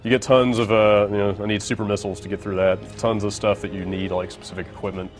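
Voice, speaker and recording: A man's voice: lowish voice, level tone, fast talker, faint music behind. A man giving casual gameplay commentary as he plays, laid-back and rambling with lots of fillers. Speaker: co-host playing the game.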